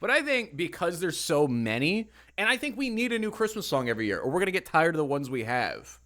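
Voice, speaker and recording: A man's voice: on the high side, big pitch swings, fast talker, sharp tone. A man co-hosting a podcast in casual chat, playful and laughing often. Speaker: podcast co-host.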